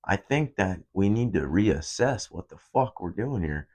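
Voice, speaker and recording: A man's voice: low-pitched, lively intonation, measured pace, darkish tone. A young man hosting a podcast, telling a rambling, profane story in a casual monologue. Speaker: podcast host.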